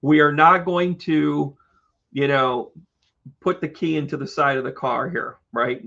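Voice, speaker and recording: A man's voice: a little high, steady tone, a little slow, gravelly, pushed and bright, dull audio. A man hosting an astrology live stream, chatty and joking, talking to his viewers by name. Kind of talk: casual live stream chat.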